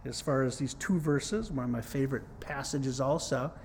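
A man's voice: mid-range voice, moderate pace, vocal fry, darkish tone, slight background noise. A middle-aged man preaching a sermon in a conversational, earnest way, mixing scripture with his own testimony. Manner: conversational, earnest, repeats "it's like, whoa".

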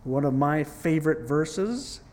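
A man's voice: fairly high pitch, expressive, measured pace, a little mellow, a little hiss or hum. Earnest conversational male preacher. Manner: conversational, earnest, repeats "it's like, whoa". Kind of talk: sermon with personal testimony.

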